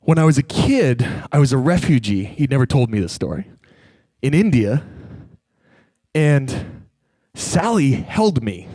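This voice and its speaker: A man speaking on stage to a live audience, telling a personal story in an animated way and acting out the voices of the people in it. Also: medium pitch, unhurried, pauses often, no room sound. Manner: animated, acts out quoted voices.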